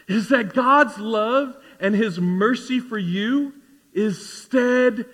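A man in his forties preaching a sermon in a conversational, animated way, acting out little asides. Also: very high-pitched, slow, long reverb tail. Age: 40s. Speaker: pastor. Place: church sanctuary.

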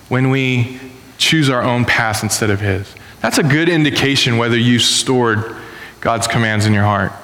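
A man in his thirties preaching a sermon to a congregation in a casual, animated storytelling way. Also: mid-range voice. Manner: animated storytelling, acting out voices. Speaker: pastor. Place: church hall. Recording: echoey hall with long reverb.

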